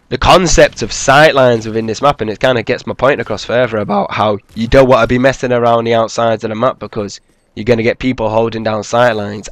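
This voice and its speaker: A man talks loosely over his own gameplay, rambling and swearing as he goes. His voice sits at a middle pitch, neither high nor low. It is recorded dry and close, with no room sound. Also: a bit bright, no room sound. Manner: rambling, profane, laid-back, with many fillers. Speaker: gameplay commentator. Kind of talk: casual commentary over gameplay footage.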